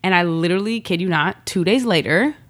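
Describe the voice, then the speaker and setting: Woman guest, slightly low voice, chatty and animated, slang-heavy storyteller. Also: fairly quick. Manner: animated, slangy, laughs often, quotes herself. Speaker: guest, model. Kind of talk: casual storytelling chat.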